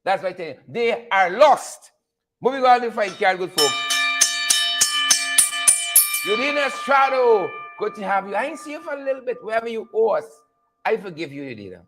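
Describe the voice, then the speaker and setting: A man's voice: high-pitched, big pitch swings, fairly quick, pauses often, over music. A Guyanese man hosting a live stream, ranting with sarcastic, preachy fire while greeting viewers. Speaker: livestream host. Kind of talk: live-stream commentary and rant.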